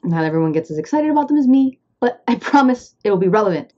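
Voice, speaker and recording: A woman's voice: medium pitch, very animated, quick pace, highs cut off, background noise. A woman with a Midwestern accent hosting an educational explainer, upbeat and playful with asides. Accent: American Midwestern. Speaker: host.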